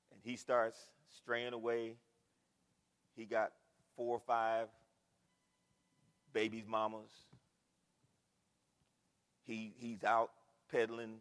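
An older man preaching a sermon in a church, animated, full of rhetorical questions and repetition. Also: mid-range voice, big-room sound. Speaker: pastor. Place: church sanctuary.

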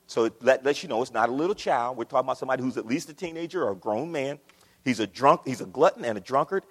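A man from Ohio preaching a sermon, swinging between loud declarations and quiet asides as he addresses the congregation. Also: medium pitch, lively intonation, fast talker, husky, long reverb tail. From Akron, Ohio. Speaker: pastor.

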